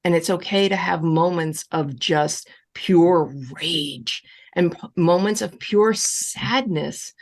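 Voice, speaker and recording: An animated woman coach gives advice in a live Q&A, her pitch leaping up and down as she stresses each point. She is reassuring and insistent, and she circles back to the same comforting phrases. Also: slow, few pauses. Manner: emphatic and reassuring, repeats key phrases; animated, with wide swings in pitch. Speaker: relationship coach answering audience questions. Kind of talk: live online Q&A advice session.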